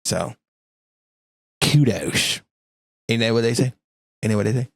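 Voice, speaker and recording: An easygoing man with a Southern US accent chats through a music reaction, tossing off drawling asides. His voice sits at an ordinary pitch, and the recording is close and dry. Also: measured pace, creaky, no room sound. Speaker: reaction video co-host. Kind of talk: casual reaction chat.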